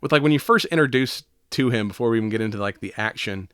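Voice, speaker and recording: A man's voice: medium pitch, fast talker, fairly bright tone, clean tone, no room sound, clean studio sound. A man co-hosting a podcast, chatting casually and profanely about a movie, rambling and laughing often. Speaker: podcast co-host.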